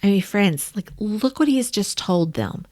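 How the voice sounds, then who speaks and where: A woman's voice: mid-range voice, lively intonation, normal speed, darkish tone. A woman teaching a Bible study in a conversational way, speaking to her listeners as friends. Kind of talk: casual teaching.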